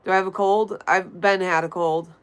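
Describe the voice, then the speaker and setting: A woman's voice: fairly low pitch, fairly even intonation, normal speed, smooth. A woman with a nasal voice, chatting casually on a livestream and answering viewer messages as she reads them. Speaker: livestream host. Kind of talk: casual livestream chat, reading chat.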